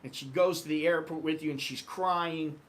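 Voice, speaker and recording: A man's voice: fairly high pitch, normal speed. A middle-aged American man telling travel stories in a casual vlog monologue, acting out quoted voices. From United States. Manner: animated, acts out quoted voices. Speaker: vlogger.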